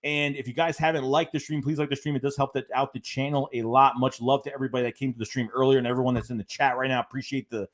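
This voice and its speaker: A man's voice: medium pitch, fairly even intonation, fast talker, few pauses. A man hosting a live-stream fan show, ranting in a rambling way, repeating himself and reading out viewer chats. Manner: rambling, repeats phrases, many fillers; reads viewer chats aloud between rants. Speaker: fan channel host. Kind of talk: live-stream sports rant.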